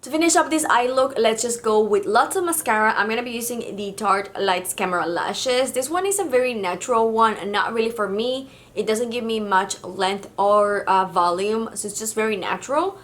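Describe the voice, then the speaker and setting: A woman's voice: on the high side, moderate pace, hardly any pauses, a bit bright. Chatty woman vlogger narrating makeup. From Mexico. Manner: chatty and casual, with fillers like "kind of like". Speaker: beauty vlogger.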